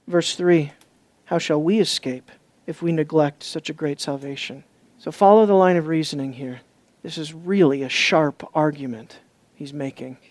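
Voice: moderate pace, darkish tone, no room sound. A preacher giving an expository sermon, emphatic and urgent, asking the listeners questions and repeating words. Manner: rises to urgent, high-pitched stress.

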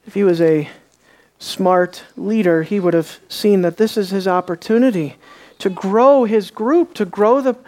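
A woman teaching a Bible class in a sermon style, acting out quoted lines with sudden jumps in pitch and volume. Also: a little slow. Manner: animated, acts out quotes with rising pitch and volume.

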